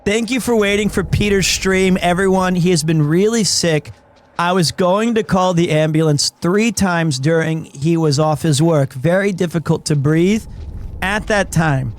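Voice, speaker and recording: A woman's voice: fairly low pitch, darkish tone. A woman, the streamer's partner, speaking to viewers in a plain, direct and concerned way. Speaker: streamer's partner making an announcement. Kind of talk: casual announcement to viewers.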